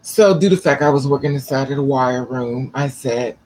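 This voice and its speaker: A man's voice: medium pitch, normal speed, a little mellow, slight background noise. A man vlogging, telling a personal story casually, rambling with restarts and swearing.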